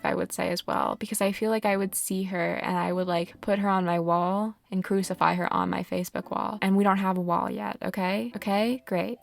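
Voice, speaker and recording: A young woman chats her way through a gameplay session in a casual, rambling style. Her voice sits at an ordinary mid pitch, and her tone stays sarcastic as she scolds characters on screen. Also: vocal fry. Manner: sarcastic, talks to game characters, mock-scolding asides. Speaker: gaming vlogger.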